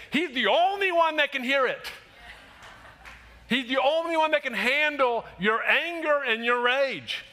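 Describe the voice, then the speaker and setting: A man preaching a sermon, animated and emphatic, acting out quoted voices and rising to shouts. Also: extremely high pitch, slight background noise. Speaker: pastor.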